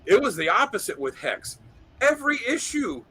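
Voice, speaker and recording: A man's voice: high voice, big pitch swings, normal speed, a loud crowd, poor audio. A man co-hosting a casual podcast chat, rambling with many fillers. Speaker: podcast co-host.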